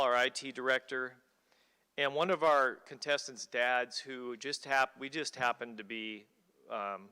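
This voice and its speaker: Bright-voiced man emceeing in a hall. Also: mid-range voice, clear, resonant tone. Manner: casual, self-deprecating, rambling. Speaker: event organizer, emcee. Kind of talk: thanks and announcements at an awards ceremony. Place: college auditorium. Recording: hall reverb.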